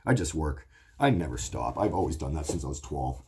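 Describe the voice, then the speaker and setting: A man's voice: rumbling low, expressive, brisk, a little mellow, a little hiss or hum. A man in his forties hosting his own show, talking in a blunt, profane, emotional rambling monologue. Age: 40s. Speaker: show host.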